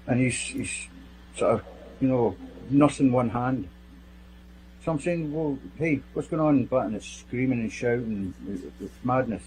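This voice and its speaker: A man's voice: fairly low pitch, a little mellow, slight background noise, rough recording. Blunt man giving testimony. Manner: blunt, plain-spoken and vivid. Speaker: security team member testifying as witness. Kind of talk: recounting events in sworn testimony.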